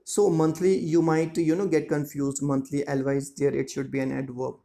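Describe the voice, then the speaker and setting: A man teaching a school lesson, explaining words slowly and checking that students follow. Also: fairly high pitch, little pitch movement, creaky, mellow. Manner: slow, repetitive explaining with frequent check-ins. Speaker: English teacher. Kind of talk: classroom lesson explaining grammar and syllables.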